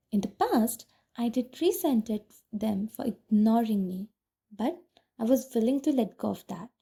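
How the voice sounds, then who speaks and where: A woman narrating a novel in the first person, with a steady, reflective storytelling manner. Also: on the high side, slightly rough. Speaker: audiobook narrator. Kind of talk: first-person audiobook reading.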